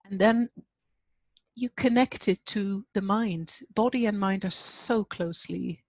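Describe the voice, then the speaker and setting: Brief: soft-spoken female grief counselor, reflective, mid pitch, dry close mic. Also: unhurried, no echo. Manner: gentle, reflective, acts out client dialogue. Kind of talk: conversational interview.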